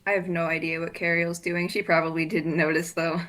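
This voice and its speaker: A woman's voice: fairly low pitch, little pitch movement, fairly quick, a bit bright. A woman player casually and hesitantly describing her character in a tabletop game.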